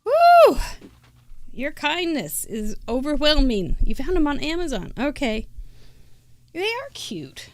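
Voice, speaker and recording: A woman's voice: high voice, big pitch swings, measured pace, dry recording. An older woman hosting a live crafting show, chatting casually and giggling as she thinks aloud. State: out of breath.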